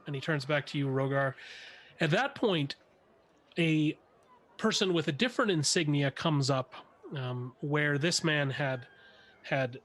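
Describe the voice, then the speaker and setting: A man narrating a tabletop game as game master, halting with restarts and fillers. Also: fairly high pitch, a bit bright. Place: home streaming setup.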